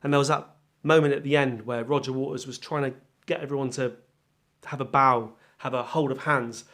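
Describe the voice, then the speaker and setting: A man's voice: mid-range voice, fairly even intonation, brisk, fairly bright tone. A man hosting his own music channel, giving a casual first-impression chat about an album. He is self-deprecating and thinks aloud.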